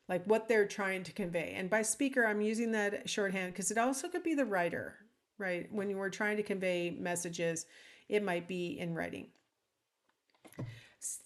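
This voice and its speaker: Woman teaching solo into a recording, chatty, lots of ums and "right?", acts out example lines. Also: mid-range voice. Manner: casual and conversational, with frequent ums and "right?". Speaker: instructor. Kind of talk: recorded lecture. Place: alone at home or office, speaking to a recording.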